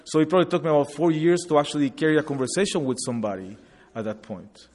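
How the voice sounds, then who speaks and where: In a hall full of long reverb, a man in his forties from Guatemala, whose first language is Spanish, shares his migration story alongside slides. His voice sits on the high side, a little mellow, and he speaks quickly. The testimony comes across as earnest and reflective.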